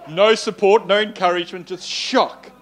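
A man's voice: sits high, steady tone, normal speed, fairly bright tone. A male pastor preaching in a conversational way, telling personal stories with a self-deprecating tone and frequent fillers.

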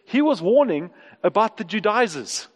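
A man preaching a sermon as pastor, emphatic and repeating words, rising in pitch for stress. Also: very animated, normal speed, husky, long reverb tail.

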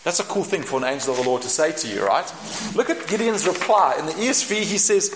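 A man preaching a sermon in an animated, humorous way, acting out the voices in the scripture. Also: fairly high pitch, fast. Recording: echoey room with background noise.

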